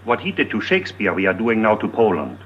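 A sardonic German colonel. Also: male voice, on the low side, wildly swooping pitch, fast, a bit bright. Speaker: film character. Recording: dull old film soundtrack, faint hiss.

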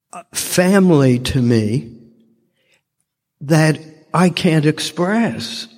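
Slow-spoken older man in a reverberant hall. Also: on the high side, darkish tone, slightly rough. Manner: slow, heartfelt storytelling. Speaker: speaker at a recovery fellowship meeting. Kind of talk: personal testimony talk. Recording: long reverb from a large hall.

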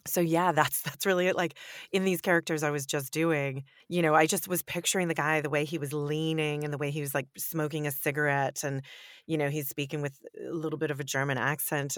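Low-voiced, lively woman narrator. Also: no room sound, studio quality. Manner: animated, laughs often, emphatic. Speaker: audiobook narrator and actor. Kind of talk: podcast interview answers.

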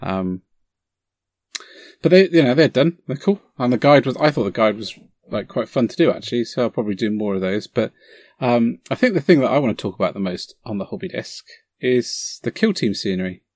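Guy gushing about his hobby on a podcast, dry sound, average pitch. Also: lively intonation, brisk, darkish tone, dry recording. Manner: enthusiastic, rambling with fillers. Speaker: podcast co-host. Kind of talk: casual chat.

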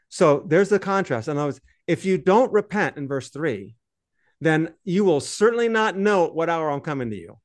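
A man co-hosts a podcast, leading a loose, conversational Bible study where he explains and translates the Greek text on the fly like a teacher, with plenty of fillers. His voice sits on the high side with big pitch swings, at a moderate pace. There's no room sound.

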